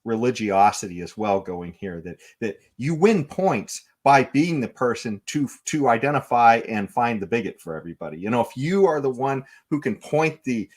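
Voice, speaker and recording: A man's voice: medium pitch, lively intonation, normal speed, hardly any pauses. A man co-hosting a political talk podcast, wry and conversational, restarting sentences with fillers. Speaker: podcast co-host.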